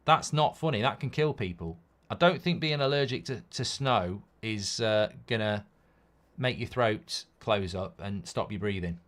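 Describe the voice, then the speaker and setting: Hosting a football watchalong stream, a man chats casually in an unhurried way, reading viewer comments out loud. He rambles bluntly through stories, lurching from loud outbursts to low mutters, in typical live-stream banter.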